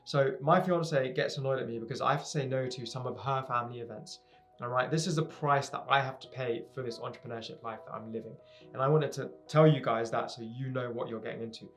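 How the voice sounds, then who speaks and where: A man's voice: medium pitch, a little fast, soft background music. A young man speaking straight to viewers about starting a business, earnest and emphatic, hammering points home by repeating phrases. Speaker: entrepreneur giving advice to viewers. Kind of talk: direct-to-camera motivational talk.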